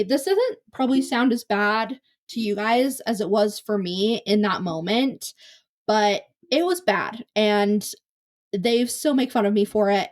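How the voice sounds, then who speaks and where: A woman's voice: medium pitch, a little mellow. Young woman, solo podcast host, rambling self-mocking storyteller, close mic, voice slightly worn. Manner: chatty, self-deprecating, rambling with restarts. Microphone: close podcast mic on camera.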